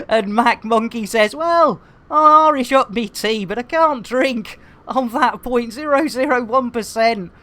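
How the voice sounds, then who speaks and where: A woman's voice: a little high, a little slow, pushed and bright. A woman streaming a game, bantering with her chat in a jokey, bubbly way, full of silly rhyming catchphrases and cheeky innuendo.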